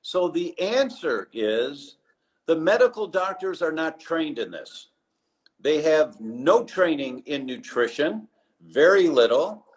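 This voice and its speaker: Male doctor guest on a live interview call, a bit high-pitched, lively storyteller who voices the people he quotes. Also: slow pace, low-quality recording. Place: abroad, remote live session.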